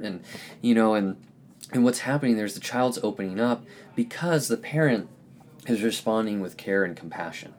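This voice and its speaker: A man hosting a podcast, giving a reflective spiritual teaching in an earnest, gentle, searching way. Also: fairly low pitch, normal speed. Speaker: podcast host.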